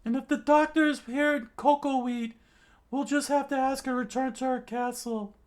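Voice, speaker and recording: A man's voice: very high-pitched, steady tone, moderate pace, voice pushed up. A man voicing an earnest, well-meaning teenage boy pirate in a manga read-aloud, speaking in a reassuring way.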